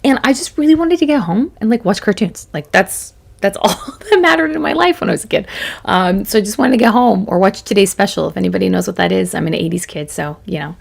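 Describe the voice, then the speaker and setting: A woman's voice: medium pitch, expressive, fast, creaky. A woman in her forties giving a chatty, self-deprecating motivational talk to camera as a business coach, laughing often.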